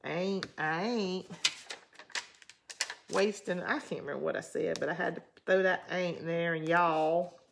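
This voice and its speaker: A woman's voice: fairly low pitch, fairly even intonation, a little fast, vocal fry, noisy background. A woman with a Southern US drawl, hosting a craft channel in rambling, chatty talk while she answers viewer comments. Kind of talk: casual live crafting chat.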